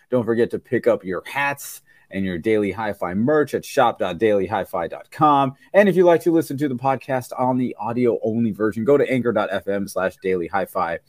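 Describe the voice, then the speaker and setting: A man's voice: medium pitch, darkish tone, no echo, clean studio sound. A tired man hosting a podcast, telling rambling stories with laughs and many restarts over a video call. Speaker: podcast host. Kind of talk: casual chat.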